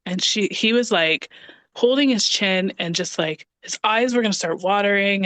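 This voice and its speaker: A woman's voice: medium pitch, fast, no echo. A woman in her thirties, a podcast guest, telling a personal story in casual conversation and acting out what others said. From Canada (Ontario). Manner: animated, acts out quoted dialogue.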